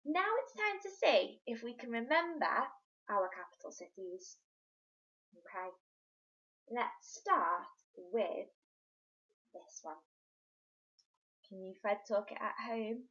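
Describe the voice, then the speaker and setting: A woman teaching a remote lesson to young children, slow and encouraging, in a sing-song teacher's voice. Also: fairly high pitch, lively intonation, a bit bright. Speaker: primary school teacher. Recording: dull lo-fi sound.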